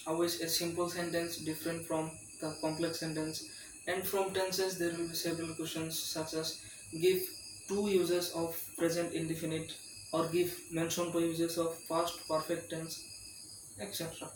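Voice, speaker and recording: A man's voice: on the high side, steady tone, moderate pace. A male tutor giving an exam-prep lecture, reading questions aloud and reassuring students in a repetitive way. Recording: roomy, distant mic with loud insect noise.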